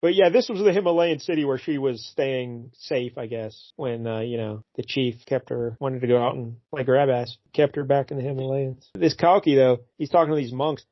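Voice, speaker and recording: A man's voice: medium pitch, normal speed, hardly any pauses, no echo, muffled recording. A man co-hosting a casual podcast, joking and retelling scenes. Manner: relaxed, joking, retells scenes with quoted lines. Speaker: podcast co-host. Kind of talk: casual comic book chat.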